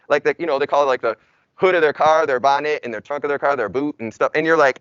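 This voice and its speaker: A man's voice: on the high side, fast, a bit bright, dry recording, muffled recording. A young man, a native English speaker, teaching Spanish in a casual, chatty classroom lecture full of "like" and "y'all". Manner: chatty, informal, uses y'all and like.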